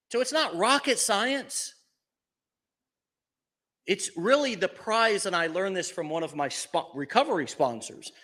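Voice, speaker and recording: A man with a fairly high voice gives a live motivational talk at an event. He is energetic and jokey, punching some lines out loud and dropping others almost to a hush. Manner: energetic, joking, swings from loud to hushed. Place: event venue.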